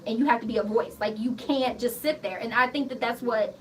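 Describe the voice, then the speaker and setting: Woman, thirties, radio guest; bright high voice, blunt and profane; slightly off-mic recording. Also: fairly quick. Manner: blunt, profane, animated storytelling. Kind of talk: casual interview chat. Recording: slightly distant mic with faint background noise.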